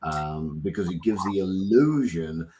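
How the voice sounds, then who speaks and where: Casting: deep-voiced man host, loose and encouraging delivery. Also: lively intonation, measured pace, mellow, slight background noise, poor audio. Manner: rambling, encouraging, many restarts. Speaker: podcast host. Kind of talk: casual panel chat.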